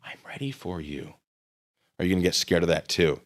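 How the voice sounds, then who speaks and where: A man's voice: brisk, faint music behind. A man hosting a livestream, commenting on messages in a mocking, sarcastic way. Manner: lively, swinging pitch. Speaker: livestream host.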